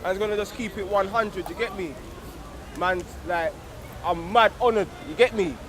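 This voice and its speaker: Young man, high-pitched, street slang, fervent address outdoors. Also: normal speed, background noise. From England. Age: young adult. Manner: slangy, repeats "you get me", grows fervent and loud. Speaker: organiser of a street discussion circle.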